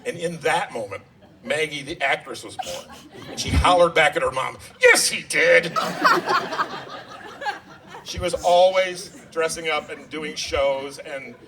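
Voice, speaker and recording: A man's voice: a little high, moderate pace. A man giving a wedding toast as father of the bride, joking about himself and getting emotional. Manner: self-deprecating, joking, emotional. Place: wedding reception hall. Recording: distant mic, loud crowd noise. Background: crowd and laughter.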